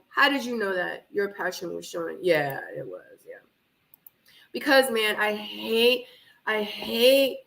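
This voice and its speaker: A woman hosting a live reaction stream from her home office, a little hoarse from being under the weather, animated and laughing as she talks back to the screen. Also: mid-range voice, poor audio. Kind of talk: casual live watch-party chat. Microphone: camera microphone.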